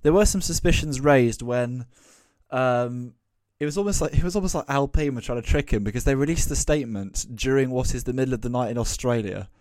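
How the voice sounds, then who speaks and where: A man's voice: medium pitch, a little fast, a little mellow, no echo. A man co-hosting a casual podcast, talking conversationally with wry asides and plenty of fillers. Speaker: podcast co-host. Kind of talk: casual motorsport discussion.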